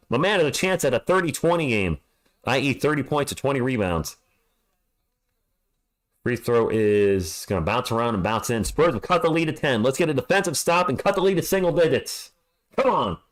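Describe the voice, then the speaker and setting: Dude streaming fan play-by-play from home, gets fired up, pitch jumps all over. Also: male voice. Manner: excitable, talks to chat, yells at the team. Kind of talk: live fan play-by-play commentary. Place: alone at home.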